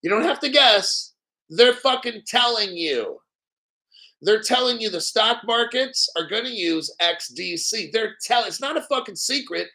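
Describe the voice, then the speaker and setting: A man hosting a live crypto stream, talking in an excitable, profane, hyped way and often clearing his throat. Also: sits high, unhurried, low-quality recording. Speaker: crypto livestream host.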